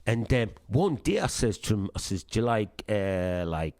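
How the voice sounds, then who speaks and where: A man's voice: lowish voice, sing-song, moderate pace, a little mellow, no echo, clean studio sound. A middle-aged man with a Sunderland accent, a punk singer chatting in an interview and telling anecdotes with swearing and acted-out dialogue. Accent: Sunderland English. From Sunderland, England. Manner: chatty and swearing, acts out dialogue in his tales. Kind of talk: casual anecdotal storytelling.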